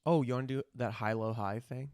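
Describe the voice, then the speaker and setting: A man's voice: mid-range voice, steady tone, brisk, a little mellow, smooth, dry recording, clean studio sound. A man hosting a podcast, chatting in a rambling, candid way and swearing casually. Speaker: podcast host. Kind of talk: casual chat.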